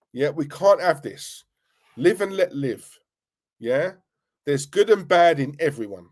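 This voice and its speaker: A man hosting a live football stream, talking earnestly and repeating himself, with plenty of fillers. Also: on the high side. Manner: earnest, repetitive, chatty, uses fillers like "you know". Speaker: football channel host.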